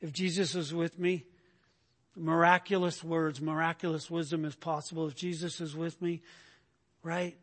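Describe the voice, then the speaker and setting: A man's voice: on the high side, flat delivery, normal speed, long reverb tail. A man preaching a sermon in a conversational way, often checking in with rhetorical questions and repeating himself as he goes. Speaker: pastor.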